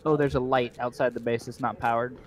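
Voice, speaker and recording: Man with hiccups, short quiet remarks. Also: mid-range voice, little pitch movement, a little fast. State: has hiccups. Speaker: co-player. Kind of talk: casual gaming chat.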